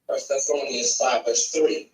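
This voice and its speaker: A man in the class reading scripture aloud, somewhat haltingly. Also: medium pitch, steady tone, slight background noise. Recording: distant echoey room mic.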